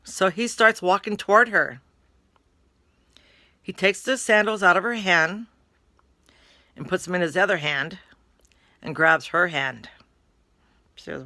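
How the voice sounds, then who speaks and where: Bright-voiced woman telling a story. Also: lowish voice, normal speed, pauses often, no room sound, studio quality. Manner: chatty, retelling with "he goes, she goes". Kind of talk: casual spoken storytelling.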